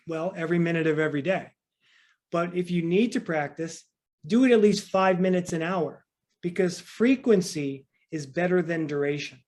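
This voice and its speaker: Calm man, slightly high voice, breathing coach. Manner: calm, counts breaths slowly and softly. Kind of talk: guided breathing exercise and explanation.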